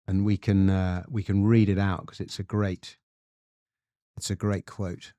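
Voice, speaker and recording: A man's voice: deep voice, level tone, unhurried, warm tone, no echo. A man with an English accent, a guest author explaining history in a podcast interview with storytelling emphasis. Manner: storytelling, reads quotes aloud with emphasis.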